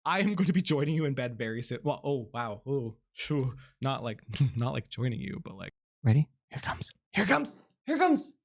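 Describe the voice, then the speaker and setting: A man streaming a video game live, reacting excitably with gasps and laughter as he comments. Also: medium pitch, fairly quick. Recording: game music playing under the voice.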